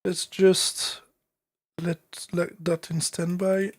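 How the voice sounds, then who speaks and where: A man's voice: sits high, level tone, very slow, slightly rough, dry recording, clean studio sound. A man with a French accent talking casually on a live stream as he produces music, thinking aloud with many fillers and restarts.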